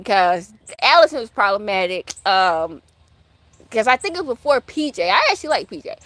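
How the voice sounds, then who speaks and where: A woman's voice: fairly high pitch, big pitch swings, normal speed, fairly bright tone, dry recording. A woman hosting her own channel, chatting casually and rambling through asides as she answers viewer questions. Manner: fan of classic TV soaps. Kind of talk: casual chat.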